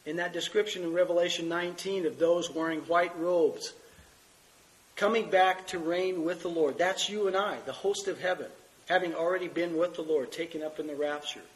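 A man's voice: on the high side, steady tone, normal speed, low-quality recording. Male pastor preaching through a cold. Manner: earnest, reads scripture aloud. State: has a cold, coughing. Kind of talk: sermon teaching.

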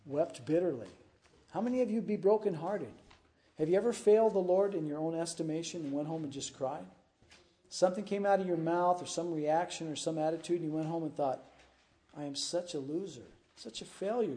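A man's voice: on the high side, a little fast, warm tone. A man, a pastor, preaching through a scripture passage and often checking in with his congregation with "huh?" and "right?". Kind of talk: expository sermon.

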